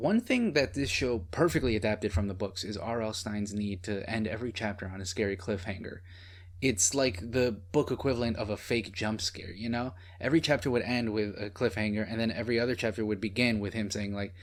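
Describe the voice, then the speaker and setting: A man's voice: on the low side, expressive, fairly quick, no room sound. A man giving sarcastic, profane comedic commentary while reviewing a show. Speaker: video reviewer.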